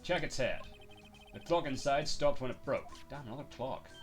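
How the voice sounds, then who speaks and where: A man's voice: mid-range voice, lively intonation, normal speed, faint music behind. A male streamer reading a detective game's dialogue aloud, switching voices for each character.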